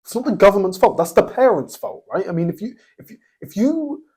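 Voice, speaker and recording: A podcast host with a high, expressive, husky voice and a darkish tone delivers a blunt, opinionated commentary monologue. He speaks haltingly, restarting often, using fillers, and tagging sentences with "right?" again and again.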